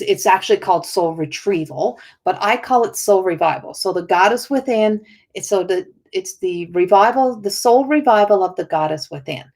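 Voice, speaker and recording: A middle-aged woman who works as a spiritual healer speaks earnestly on a casual livestream. Her voice sits at an ordinary middle pitch. She circles her thoughts, restarting sentences often as she talks. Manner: earnest, rambling with many restarts.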